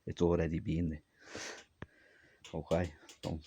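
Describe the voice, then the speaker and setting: A man's voice: low voice, completely flat delivery, a little slow, mellow, slight background noise. A man from Armenia talking to camera in a rambling solo monologue, jumpy and disjointed, trailing off mid-thought. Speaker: vlogger.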